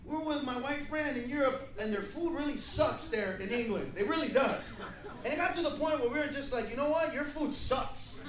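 A man doing stand-up comedy, loud and profane, acting out other people in shouted put-on voices. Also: very high-pitched, a little fast, recorded from a distance. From United States. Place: comedy club stage. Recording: echoey venue, crowd laughter, loud noise.

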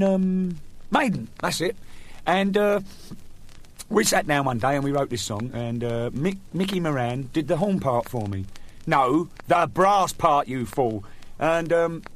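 A middle-aged man, hosting a comic radio segment in a rambling, joking, self-mocking way. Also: sits high. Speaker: host.

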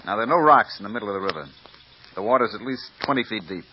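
An actor playing a matter-of-fact police lieutenant in a 1950s radio drama. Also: male voice, on the low side, animated, rapid-fire, lightly acted. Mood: businesslike. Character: brisk middle-aged police lieutenant. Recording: muffled old radio recording with hiss.

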